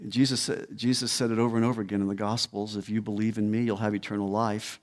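A man's voice: on the low side, level tone, fast. Emphatic male pastor. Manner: emphatic, repeats key words. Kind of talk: sermon. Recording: long hall reverb.

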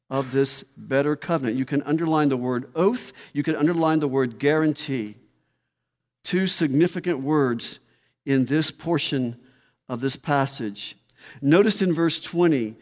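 A man preaching with a somewhat raised pitch, leaning hard on key phrases and repeating them for emphasis. His voice rings through a long hall reverb, as in a church sanctuary. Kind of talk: expository sermon.

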